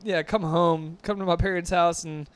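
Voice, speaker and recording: A man's voice: fairly high pitch, steady tone, moderate pace. A man guesting on a podcast, trading profane banter with plenty of laughs. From Latin American family. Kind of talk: casual chat.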